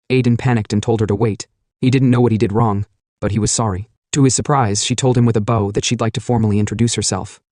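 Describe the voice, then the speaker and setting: A man narrating a comic recap in a steady storytelling manner, reading the lines of the characters in his own voice. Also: medium pitch, dry recording, clean studio sound.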